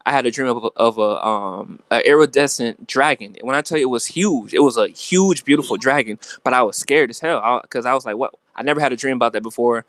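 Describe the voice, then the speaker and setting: A man's voice: mid-range voice, fast talker, hardly any pauses, dry recording. Slangy young man telling a story. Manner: slangy, animated, filler-heavy. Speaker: guest telling a dream. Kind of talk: casual storytelling chat.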